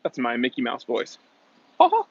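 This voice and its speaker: A man's voice: mid-range voice, a little slow, vocal fry, fairly bright tone, dry recording, muffled recording. A man hosting a casual livestream outdoors, chatting and greeting viewers as he reads their comments aloud. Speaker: livestream host. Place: outdoors in the shade.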